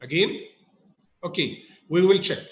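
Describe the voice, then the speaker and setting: High-voiced man teaching grammar, echoey room. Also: a little slow, highs cut off. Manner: repeats points, asks students rhetorical questions. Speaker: English teacher. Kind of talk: recorded grammar lesson.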